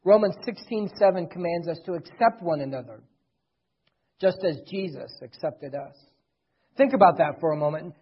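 Earnest husky-voiced preaching man. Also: on the high side, animated, normal speed. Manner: earnest preaching, swells loud then drops soft. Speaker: pastor. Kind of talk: sermon. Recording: dull lo-fi recording.

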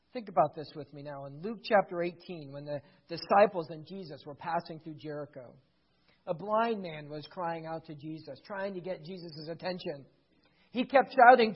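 A pastor delivers a sermon with a breathy, husky voice. The delivery swings between quiet, intimate lines and loud, emphatic peaks. The recording sounds a little dull and lo-fi. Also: medium pitch, lively intonation, normal speed, pauses often. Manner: dramatic, swings from hushed to loud.

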